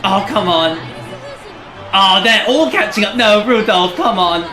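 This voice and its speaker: A streamer commentating live on a game, reacting excitably and chatting with viewers. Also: mid-range voice, measured pace, reverberant, music in the background, a crowd in the background.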